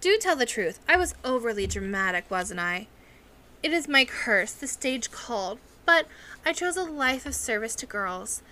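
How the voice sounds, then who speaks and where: A woman's voice: a little high, sing-song, moderate pace, sharp tone. A woman voicing a pompous, theatrical older headmistress with a grand, carrying manner in an audiobook reading. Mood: coy. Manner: grand, carrying, self-dramatizing.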